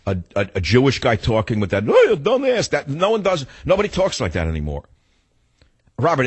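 A man's voice: mid-range voice, slightly rough. A man hosting a talk radio show, ranting in an indignant, theatrical monologue into a studio microphone.

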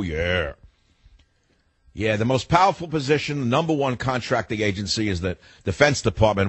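Husky, ranting talk radio man. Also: mid-range voice, fairly bright tone, no room sound. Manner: sarcastic, ranting, heated.

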